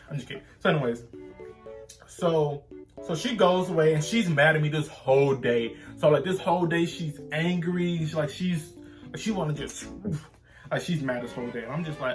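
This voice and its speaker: Man, vlogger, casual storytelling, animated, fairly high voice, faint guitar music. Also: moderate pace. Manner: animated, rambling with frequent restarts.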